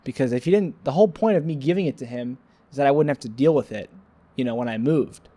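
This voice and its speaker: Sleepy and yawning, a man rambles to the camera in his solo vlog, goofy and self-mocking as he toys with silly wordplay. His voice is medium-pitched, fast, and dark in tone, with no room sound.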